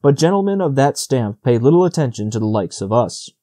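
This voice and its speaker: A gloomy crow, as a man reads him, impudent at first glance but solemn and grave in tone. His voice is mellow and low. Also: sing-song, a little fast, lightly acted.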